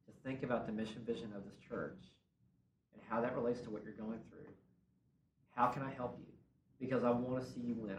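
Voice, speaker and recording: A man presenting a conference workshop in a casual, conversational way, acting out sample conversations. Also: medium pitch. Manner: conversational, acts out sample dialogues. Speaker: workshop presenter on worship ministry. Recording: roomy and distant, faint room noise.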